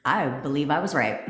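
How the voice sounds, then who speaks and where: A blunt, foul-mouthed woman chats live with her viewers, excitable and breaking into laughs. Her voice sits low for a woman. The sound bounces around an echoey room. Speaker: manifestation coach hosting a livestream. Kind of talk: casual livestream chat with viewers.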